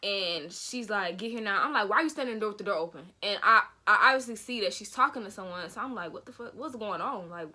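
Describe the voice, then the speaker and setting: A young woman tells a story in a casual, earnest way, repeating her words as she goes. Her voice is bright and sharp and sits at a middle pitch. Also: lively intonation, fast talker, few pauses. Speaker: vlogger. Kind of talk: emotional storytelling.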